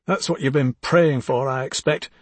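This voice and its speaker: A man reading the part of a bitter, jealous older husband, accusing and husky, dropping to hushed tones and rising to harsh outbursts. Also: mid-range voice, fairly even intonation, moderate pace, no room sound, lightly acted. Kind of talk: dramatic audiobook reading.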